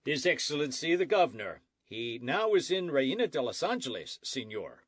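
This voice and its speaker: A man's voice: medium pitch, big pitch swings, normal speed, dry recording, voice pushed up. A blunt army sergeant repeats his orders without budging, as a man puts him on for an audiobook. His speech is short and clipped, recorded dry and close. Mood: curt. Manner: curt, repetitive, matter-of-fact. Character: blunt, stubborn military sergeant.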